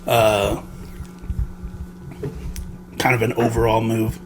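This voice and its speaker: A man's voice: medium pitch, unhurried, slight background noise. A man co-hosting a casual game review podcast, rambling with many fillers and frequent laughs. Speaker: podcast co-host.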